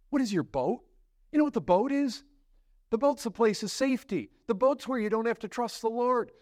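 A male pastor preaching a sermon, asking the congregation direct questions and swinging between hushed low passages and sudden raised ones. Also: no room sound, clean studio sound.

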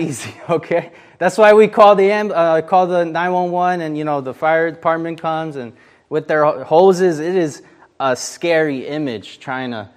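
Chatty man leading a Bible study. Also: on the high side. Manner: chatty, filler-heavy, asks the group questions. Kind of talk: casual interactive Bible teaching.

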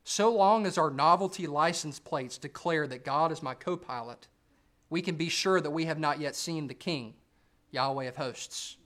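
A man delivers a measured expository sermon, lifting his voice to press a point. His voice sits a little high for a man. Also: a bit bright. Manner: measured expository preaching, rising for emphasis. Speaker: preacher.

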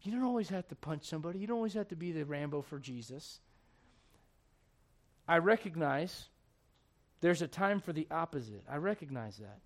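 A man's voice: fairly high pitch, very animated, moderate pace. A man, preaching a sermon in a conversational, storytelling way full of rhetorical questions.

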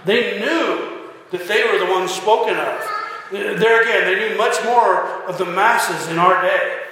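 A man delivers a sermon in a high, bright voice. He speaks earnestly, often restarting phrases and voicing quoted lines with emphasis. A long, echoing reverb from a large hall trails every word. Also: measured pace, a little hiss or hum. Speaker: pastor.

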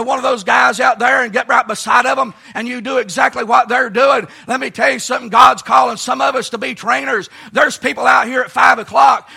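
A man preaching a shouted camp-meeting sermon in a folksy, strained voice. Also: very high voice, creaky, slightly rough. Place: large church or camp meeting, live congregation.

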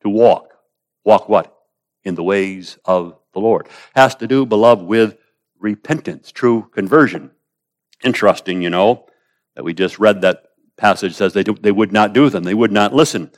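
A man preaching a sermon, quoting scripture in old-style wording and swinging between raised emphasis and hushed asides. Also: lowish voice, normal speed.

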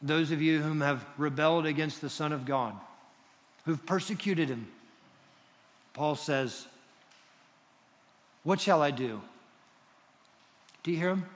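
Expressive preacher in an echoing hall. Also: male voice, a little high, takes it slowly, long pauses. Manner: expressive, swings between loud emphasis and hushed tones. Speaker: pastor. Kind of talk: sermon. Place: church hall with congregation.

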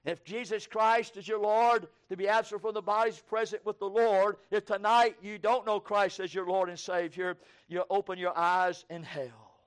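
A preacher delivers a sermon in a strikingly high voice for a man. He moves from low, hurried passages to shouted, fervent proclamation. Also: fairly even intonation, clean tone.

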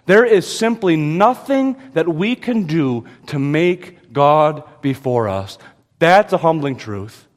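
A male pastor delivering an emphatic sermon, his voice a little higher than most men's. He leans hard on key phrases and slows down to stress quoted verses. His words ring out with a long reverb, as in a church sanctuary. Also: expressive. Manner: emphatic, with sudden pitch rises and slow stressed quotes.

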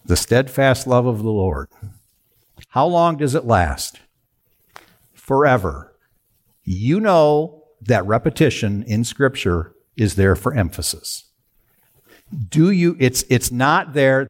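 A man preaching a sermon, asking the congregation rhetorical questions and answering them himself. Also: mid-range voice. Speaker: pastor.

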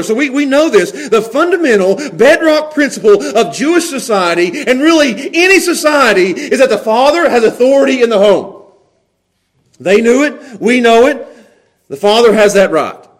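A man preaching a sermon, animated, laughing often and repeating words as he goes. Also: high voice. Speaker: pastor.

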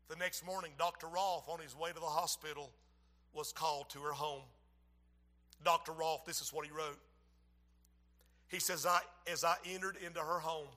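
Bright, high-voiced preacher. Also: male voice. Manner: swings from hushed storytelling to loud impassioned preaching. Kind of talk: sermon.

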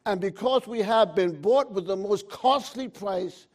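A man preaching a sermon, calling out to his congregation and rising into loud, emphatic bursts. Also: high voice, measured pace.

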